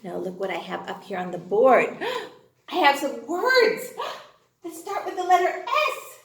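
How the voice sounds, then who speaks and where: A woman teaching a young children's phonics class in a slow, exaggerated sing-song manner, with excited gasps. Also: sits high. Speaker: kindergarten teacher. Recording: echoey room.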